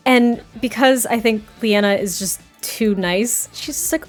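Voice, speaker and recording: A chatty young woman narrates her life-sim game story with plenty of giggles and rambling asides. Her voice sits high. Faint music plays behind her. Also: a little slow. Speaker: gameplay creator.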